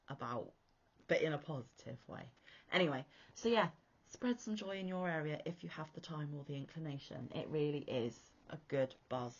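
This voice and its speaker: Chatty British woman, low voice. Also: highs cut off. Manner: chatty, enthusiastic, rambling. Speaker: crochet podcast host. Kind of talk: casual chat.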